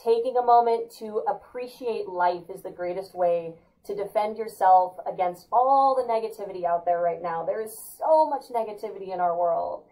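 An upbeat, playful woman from California hosts a casual weekly spiritual talk. Her voice sits at an ordinary middle pitch. She jumps into high, excited put-on exclamations. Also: moderate pace, few pauses, low-quality recording. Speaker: host.

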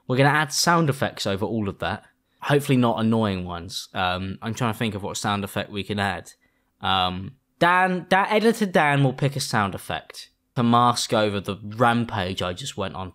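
A man's voice: mid-range voice, animated, normal speed, a bit bright. A young man hosting a casual reaction video. He exclaims often and swears freely. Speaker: YouTube reaction host.

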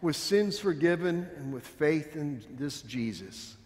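A man as pastor, reading scripture and preaching a Good Friday sermon in an earnest, measured way with dramatic pauses. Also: on the high side, lively intonation, a little mellow, big-room sound. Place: church.

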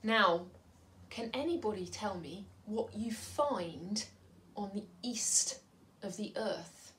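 A woman leading a school assembly for children, reading from a storybook and talking in a gentle, measured way that often drops to a soft whisper. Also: medium pitch, a little hiss or hum, rough recording.

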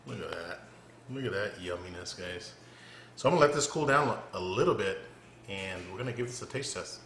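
A man's voice: sits low, animated, a little fast, fairly bright tone. A man hosting a casual cooking demo, chatting to viewers and calling them guys. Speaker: cooking channel host. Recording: echoey room with background noise.

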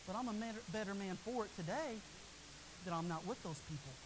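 Preaching a revival sermon, a man whose voice is often mistaken for a woman's swings between soaring, high shouts and hushed, low asides. He speaks fast, with background noise in the recording.

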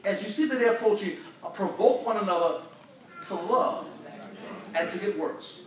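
A man's voice: sits high, moderate pace. An older man preaching a sermon in a folksy, humorous storytelling way, full of colloquial speech. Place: church sanctuary. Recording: echoey church recording from far off, congregation audible.

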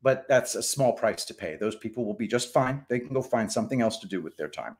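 A man's voice: lowish voice, expressive, fairly quick, darkish tone. A man hosting a casual live stream, reading chat and giving rambling, opinionated takes with frequent restarts.

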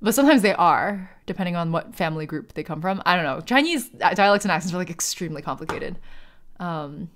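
A woman streaming a video game, chatting casually and excitably, with sudden yelps and laughter. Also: on the low side, quick pace, slight background noise. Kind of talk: casual gaming stream commentary. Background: faint game music.

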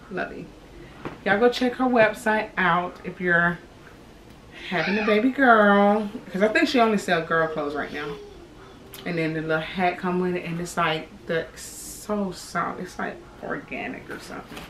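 This expectant mother, a vlogger in her thirties, chats with viewers at normal speed in a voice on the low side yet fairly bright. She's a little breathless and says "y'all" as she goes, recorded on a distant camera mic in an echoey room at home with a little hiss or hum.

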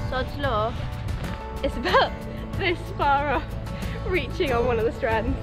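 A high-voiced woman chats upbeat and casual through a vlog out at the stables, slightly out of breath and laughing easily. Music plays clearly under her voice. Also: expressive, measured pace, pauses often. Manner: chatty, upbeat, laughs often. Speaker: vlogger. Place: outdoors at a stable field, windy.

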